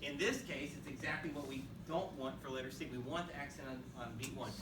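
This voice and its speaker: A man's voice: medium pitch, fairly quick. A man teaching a school band class, counting off beats, calling on students and encouraging them to exaggerate the accents. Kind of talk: classroom instruction. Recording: echoey room, voice from far off, noisy. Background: students and instruments.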